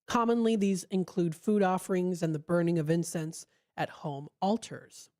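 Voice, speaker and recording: A woman radio host reading an article aloud in a casual, relaxed way, stumbling over words now and then with fillers and restarts, speaking into a studio microphone. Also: fairly low pitch, moderate pace.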